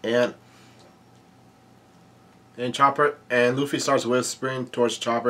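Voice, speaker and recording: Male channel host, mid-pitched, halting casual recap with lots of ums. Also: little pitch movement, pushed and bright. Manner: halting, many fillers and restarts. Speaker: manga reviewer.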